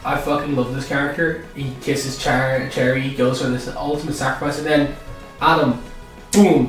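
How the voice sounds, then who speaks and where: Man, casual reviewer, swears a lot, excitable outbursts, very echoey room, distant mic. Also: on the high side, moderate pace. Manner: profane, excitable, blurts out outbursts. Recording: echoey room, far from mic, music behind.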